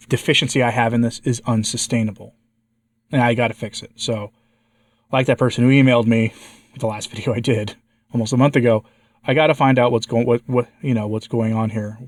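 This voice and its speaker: An American man with a congested and slightly hoarse voice, giving a candid personal update to his viewers and asking them for advice. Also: medium pitch, dry recording, studio quality. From United States. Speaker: vlogger, channel host.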